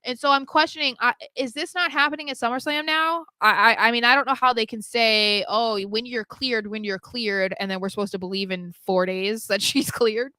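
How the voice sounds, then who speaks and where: A woman's voice: fairly high pitch, a little fast, few pauses, bright, forceful tone, clear, resonant tone, dry recording. A woman co-hosting a wrestling podcast, chatting casually and often restarting her sentences. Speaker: podcast co-host.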